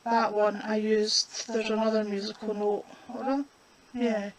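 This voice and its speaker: Slow-talking woman crafter. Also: mid-range voice, level tone, crowd noise, low-quality recording. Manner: chatty, unhurried, talks while working. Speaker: craft demonstrator. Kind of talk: casual crafting demonstration.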